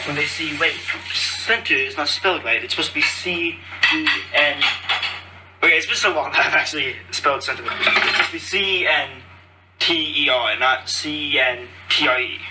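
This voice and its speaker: A cheerful, chatty man hosts a podcast, rambling casually and losing his train of thought, his voice a little high and his pace moderate. He was recorded on a phone held at a distance, with heavy noise from loudly clattering cutlery, dishes and pots.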